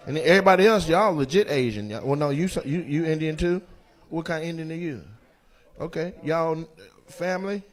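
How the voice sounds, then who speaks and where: A man doing stand-up crowd work in a comedy club, teasing audience members with loud banter and putting on their voices. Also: on the high side, a little fast, a little hiss or hum. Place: comedy club stage before a live audience. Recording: faint crowd ambience, audience laughter.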